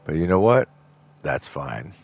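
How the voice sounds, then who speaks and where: Brief: deep-voiced male let's-play host, loose rambling gameplay chatter. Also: big pitch swings, measured pace, creaky, breathy edge, muffled recording. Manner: rambling, full of fillers and restarts. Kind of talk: casual gameplay commentary.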